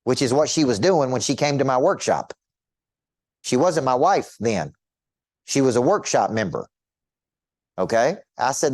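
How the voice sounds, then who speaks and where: A man's voice: medium pitch, expressive, normal speed, long pauses, darkish tone, no echo, clean studio sound. A middle-aged man coaching an audience in a motivational teaching talk, emphatic and repetitive, firing rhetorical questions at listeners.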